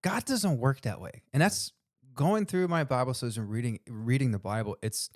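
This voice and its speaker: A man's voice: medium pitch, moderate pace, dry recording, studio quality. A man co-hosting a podcast, talking earnestly about faith and calling his guest "dude" and "man". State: tearful while telling a story. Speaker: podcast co-host. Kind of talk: casual podcast conversation.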